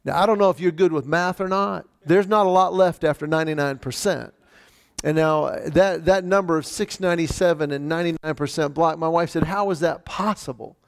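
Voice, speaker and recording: Male storyteller, fairly high and gravelly, animated live-audience talk. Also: fairly quick. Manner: animated, acts out quoted voices with rising pitch. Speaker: speaker telling a personal story.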